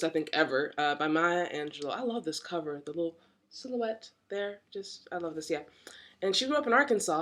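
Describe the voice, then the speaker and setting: A woman in her twenties chatting in a casual book haul vlog, rambling and enthusiastic, with lots of fillers and frequent laughs. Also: low voice. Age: 20s. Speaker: university student vlogger.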